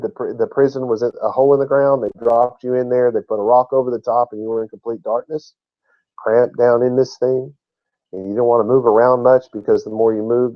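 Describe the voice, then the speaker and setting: Guy teaching bible verses sermon style, leans hard on words, muffled lo-fi sound. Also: medium pitch. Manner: emphatic, laughs at his own slips.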